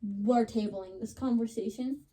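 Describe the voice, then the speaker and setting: A woman's voice: fairly high pitch, measured pace, dark tone. A young woman on a podcast, chatting casually and dramatically retelling a story, with lots of "like.". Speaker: podcast co-host.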